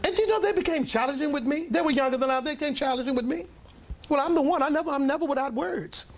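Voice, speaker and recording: An older man, a pastor telling a rambling, animated story in a sermon to his congregation, often clearing his throat and coughing. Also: extremely high pitch, quick pace. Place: church meeting room with a congregation.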